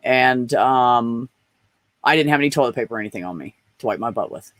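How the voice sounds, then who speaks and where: Trans man, mid pitch, plain-spoken storyteller, swears freely, dry close recording. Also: expressive, a little fast, a bit bright, dry recording. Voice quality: blunt and profane, storytelling. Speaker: podcast guest. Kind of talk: casual chat.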